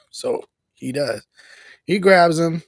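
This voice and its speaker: A man's voice: fairly high pitch, lively intonation, takes it slowly, creaky, no room sound. A man hosting a casual live review stream, easygoing, laughing often and acting out characters' lines as he recaps. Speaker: host reviewing a cartoon episode.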